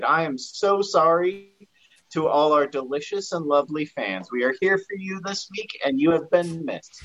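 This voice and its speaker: A man's voice: on the high side, lively intonation, moderate pace, a bit bright, dry recording, dull audio. A man hosting a podcast, joking theatrically with his co-hosts. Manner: theatrical, jokey. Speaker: podcast host. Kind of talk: casual podcast banter.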